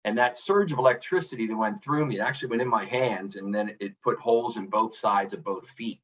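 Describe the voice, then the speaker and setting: Speaking briskly and with a fairly bright tone, a middle-aged author and coach reflects earnestly as a podcast guest in a candid storytelling interview. His fairly low voice keeps stopping and restarting, often with "you know". He sits away from the mic, and the remote recording sounds dull and distant.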